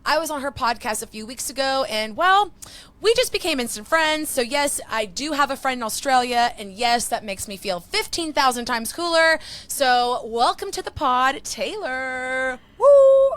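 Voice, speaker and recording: A woman's voice: high voice, expressive, normal speed, pushed and bright. A woman hosting a podcast, bubbly and chatty, poking fun at herself. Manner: bubbly, chatty, self-deprecating. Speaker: podcast host. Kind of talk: casual podcast chat.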